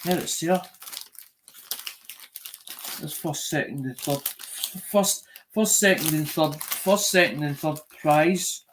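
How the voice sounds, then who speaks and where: A man's voice: on the high side, slow pace, pauses often, fairly bright tone, a little hiss or hum. A man with a Scottish accent chatting casually on a live stream, rambling and often restarting and repeating himself.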